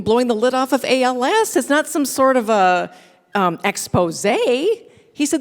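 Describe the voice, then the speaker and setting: A woman radio host telling a candid, self-deprecating story at a live forum, acting out quoted remarks in lively bursts. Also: fairly high pitch, a little slow. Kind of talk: storytelling talk with audience Q&A. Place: church hall, live audience. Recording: long reverb of a large hall.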